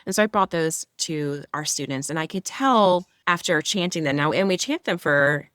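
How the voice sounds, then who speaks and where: A woman's voice: low voice, normal speed, a bit bright, no echo, clean studio sound. A woman yoga teacher and mentor, a guest in an interview, explaining her practice in an enthusiastic, flowing way. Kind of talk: interview conversation.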